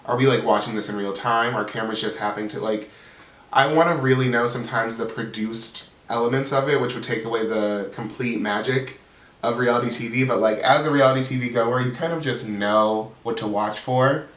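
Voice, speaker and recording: A man's voice: medium pitch, a little fast, a bit bright. A man hosting his channel, recapping a reality show in a chatty, gossipy way full of "like.". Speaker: reality TV reviewer, channel host. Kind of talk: casual recap chat. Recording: roomy sound, distant mic.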